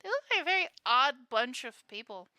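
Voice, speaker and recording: Bright high-voiced woman running the game. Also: big pitch swings, fairly quick, smooth, no echo, clean studio sound. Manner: laughs often, swears casually. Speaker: game master. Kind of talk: narrating a tabletop game.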